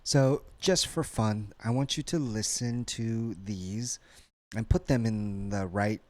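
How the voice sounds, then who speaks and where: A male English teacher leads a college lesson at a slow, deliberate pace. His voice is mellow and low in tone, recorded dry and close. He keeps checking in with a quick "right?" after each cue word. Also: no room sound.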